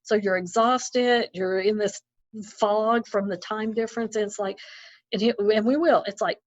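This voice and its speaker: Brief: a woman guest, a missionary, who tells animated stories over a slightly muffled video call, mid-pitched. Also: normal speed, dry recording. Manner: lively storyteller acting out her own remarks. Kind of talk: casual interview. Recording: slightly dull lo-fi audio.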